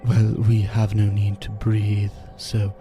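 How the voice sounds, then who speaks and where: A man playing a tabletop role-playing game, speaking in a formal, measured way. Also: fairly low pitch, completely flat delivery, over music. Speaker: player.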